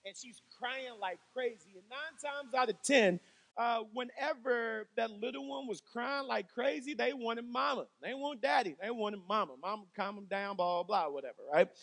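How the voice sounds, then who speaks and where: Pastor guy telling stories from the pulpit, high voice, big hall echo. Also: normal speed, vocal fry. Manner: animated, storytelling, jokey. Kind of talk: sermon with personal stories. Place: church hall. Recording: long hall reverb.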